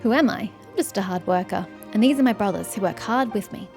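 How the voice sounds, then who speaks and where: A woman plays a proud dock laborer in a fantasy game, boasting about his crew's muscle. He is steady and self-assured, with faint game music underneath. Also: medium pitch, fast talker, creaky, natural voice.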